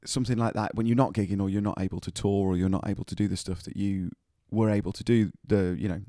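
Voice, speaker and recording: A man co-hosting a podcast, chatting casually and joking with quick laughs about life as a touring musician. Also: fairly low pitch, steady tone, warm tone, dry recording, studio quality. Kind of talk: casual chat.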